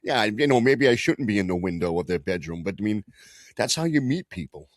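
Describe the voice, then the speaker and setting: This sports podcast co-host has a fairly low, very animated voice and talks fairly quickly. His chat is loose and joking, full of swearing and funny stories, captured as clean studio sound with no room echo.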